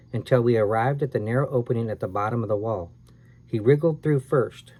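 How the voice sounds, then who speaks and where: A man's voice: medium pitch, fairly quick, warm tone. A man reading a scary children's book aloud with expression, now and then correcting himself. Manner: reads with expression and small self-corrections. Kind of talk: dramatic read-aloud of a scary children's story.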